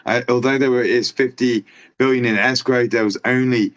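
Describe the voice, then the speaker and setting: A man in casual podcast chat, rambling and excitable, with the odd curse. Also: medium pitch, normal speed. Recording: dull lo-fi sound.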